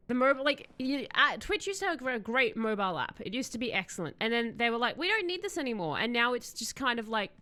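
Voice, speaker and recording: A woman streaming a game, possibly, chatting excitedly and answering her chat as she plays. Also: fairly high pitch, clear, resonant tone. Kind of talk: live-stream gameplay chat.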